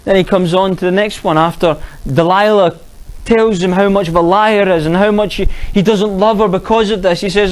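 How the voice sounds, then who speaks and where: Earnest man, high-pitched, preaching a storytelling sermon. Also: steady tone, fairly quick, low-quality recording. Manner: earnest, rhetorical questions.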